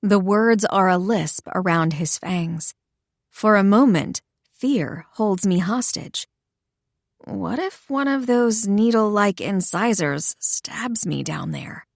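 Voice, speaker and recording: A woman narrating a first-person romance audiobook in an expressive, intimate storytelling voice. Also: medium pitch, slow pace, gravelly, no echo, clean studio sound.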